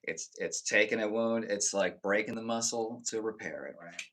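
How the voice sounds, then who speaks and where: A man chatting casually with viewers on a live stream. He rambles and swears freely, restarting his sentences, and swings between emphatic bursts and low muttered asides. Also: moderate pace, fairly bright tone, a little hiss or hum.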